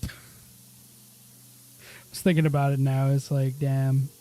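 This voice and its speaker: A British man chatting casually on a gaming stream, musing offhand with the odd swear and quiet laugh. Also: mid-range voice, little pitch movement, measured pace. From Britain. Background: faint lo-fi music.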